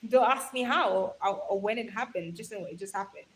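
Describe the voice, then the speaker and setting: A woman's voice: mid-range voice, a little fast, a little hiss or hum. A young woman chatting casually on a live stream, reading viewer comments aloud and laughing often.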